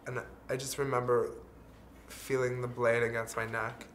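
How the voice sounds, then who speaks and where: A man's voice: mid-range voice, little pitch movement, a little slow. A man speaking in a candid, earnest confessional vlog, dropping the odd swear word. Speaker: vlogger.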